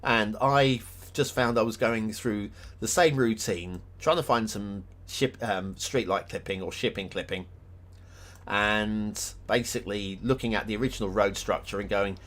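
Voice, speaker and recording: Low-voiced man rambling on a live stream. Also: normal speed. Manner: rambling, thinks aloud with many ums and restarts; chuckles often, self-deprecating. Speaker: live streamer reviewing game maps. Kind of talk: casual live-stream chat.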